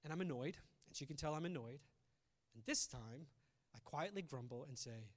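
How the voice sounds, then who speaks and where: A male pastor giving a conversational sermon, shifting between loud emphasis and quiet reflective asides. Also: on the high side, animated, normal speed, long reverb tail.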